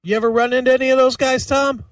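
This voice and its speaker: Male host, high-pitched, needling the caller with crude teasing; dry, slightly distant. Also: flat delivery, fast talker, no room sound. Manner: goading, teasing questions. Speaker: podcast host. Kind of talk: crude comic call-in banter.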